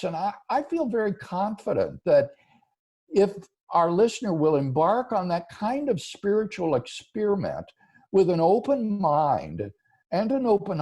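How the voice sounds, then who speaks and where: A man's voice: sits high, husky. A man, a philosopher, answering viewer questions in an interview, earnest and explanatory. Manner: earnest, explanatory, lively rising and falling delivery.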